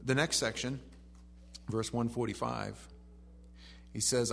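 A man preaching with a gravelly, creaky voice at an ordinary pitch. He reads verses quietly and lifts into animated emphasis when he makes a point. A faint hum runs under the recording. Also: slow pace, long pauses. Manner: reads scripture softly, then rises with animated emphasis. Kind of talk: sermon.

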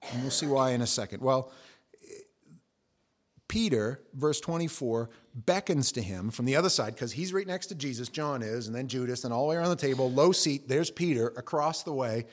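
A middle-aged man preaching a sermon, telling the story with lively, acted-out quotes. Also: moderate pace. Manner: animated storytelling, acting out quotes with jumps in pitch and volume. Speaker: pastor.

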